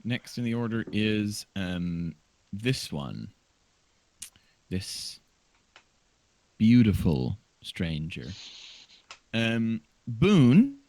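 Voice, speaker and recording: A man's voice: fairly low pitch, sing-song, extremely slow, pauses often, mellow, no echo. A man acting as game master, calling turns and bantering in a wry, distracted way. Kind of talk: running a tabletop game over voice chat.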